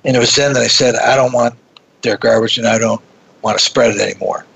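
Gravelly, bright-voiced man telling a story. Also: medium pitch, quick pace, poor audio. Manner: animated, with frequent restarts. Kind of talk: conversational storytelling.

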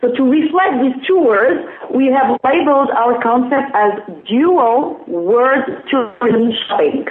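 A woman with a French accent, measured and careful as she explains her business in an interview. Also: a little high, animated. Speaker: interview guest, business founder. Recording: tinny echoey phone line.

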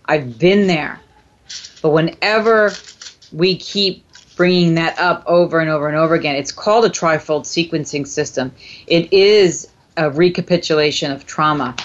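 A woman's voice: low-pitched, normal speed, highs cut off. A woman hosting a self-help radio talk show, coaching a listener emphatically and repeating phrases in chant-like sequences. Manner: addresses listener tenderly as "my dear".

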